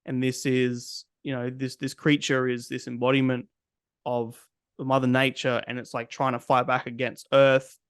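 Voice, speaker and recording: A man's voice: medium pitch, normal speed, clean tone, no echo. Ranting, sweary man with a dry, close sound. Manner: ranting, profane, animated. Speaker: podcast co-host. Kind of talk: casual chat.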